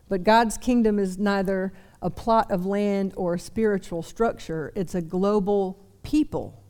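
A woman's voice: mid-range voice, measured pace, hardly any pauses, warm tone, clear, resonant tone. A young woman preaching a sermon to a seated congregation, chatty with self-deprecating asides. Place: church service before a seated audience.

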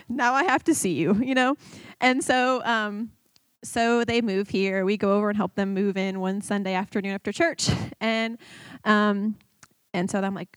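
A woman in her thirties giving a personal testimony to her church, talking haltingly with many fillers and restarts. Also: medium pitch, dry recording. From Michigan. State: tearful.

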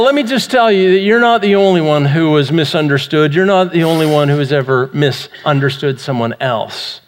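A high-voiced man preaches a sermon, an animated storyteller who acts out sound effects and pokes fun at himself. His voice carries a long reverb, as if he were in a large church sanctuary. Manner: self-mocking humor. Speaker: pastor.

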